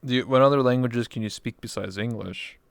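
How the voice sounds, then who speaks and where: A man's voice: mid-range voice, fairly quick, vocal fry, smooth, no room sound. A man from Canada hosting a casual interview, joking and loose, reading questions from a live chat. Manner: loose, joking, slips into a mock Texan drawl for gags. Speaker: interview show host.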